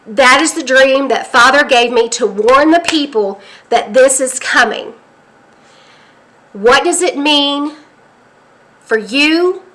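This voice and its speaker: Slow, bright-voiced woman sharing an urgent dream. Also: high voice. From United States. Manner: halting, restarts, urgent emphatic warnings. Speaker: prophetic dream teller. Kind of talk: earnest spoken testimony.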